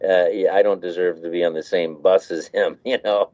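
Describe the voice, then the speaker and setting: A man's voice: low voice, fairly even intonation, moderate pace, darkish tone, muffled recording. A man who works as a voice actor, talking casually in an interview and laughing as he demonstrates voices.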